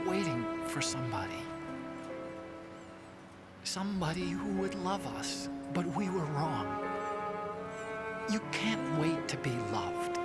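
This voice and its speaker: An actress playing a lonely, fragile young woman who speaks softly in a slow, tender confession. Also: sits low, exaggerated voice. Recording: loud music under a video game cutscene.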